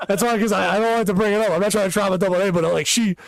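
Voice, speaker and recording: A young man co-hosting a podcast tells a long, rambling story in casual chat, swearing and laughing along the way. His voice sits a bit high with a gravelly, fried edge. The sound is dry and close to the mic. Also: steady tone, very fast, no echo. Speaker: podcast co-host and stand-up comic.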